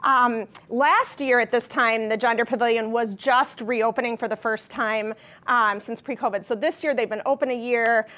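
A woman's voice: fairly high pitch, fairly even intonation, moderate pace, bright, forceful tone. A woman who co-owns a shop, chatting cheerfully as a TV interview guest, with frequent ums and uhs.

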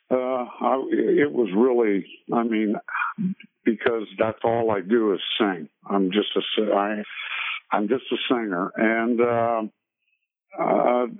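An older singer being interviewed, telling a long story with many fillers and restarts. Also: male voice, mid-range voice. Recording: tinny phone-line radio call.

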